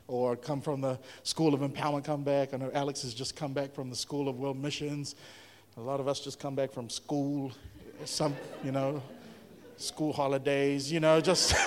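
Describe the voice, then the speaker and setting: A man preaching a sermon as a pastor, in a lively, conversational way, often asking his audience questions. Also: on the high side, in a large hall. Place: church hall.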